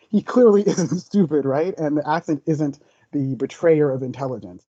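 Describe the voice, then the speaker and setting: A man's voice: a little high, animated, moderate pace, warm tone, no room sound, muffled recording. A man who is the guest in an interview, telling personal stories in an earnest, thoughtful way. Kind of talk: reflective interview talk.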